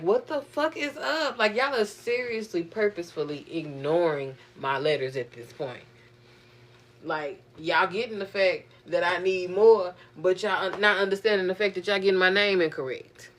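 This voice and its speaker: A young woman vlogging, venting in a profane, animated, exasperated way. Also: on the low side. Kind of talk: casual venting monologue.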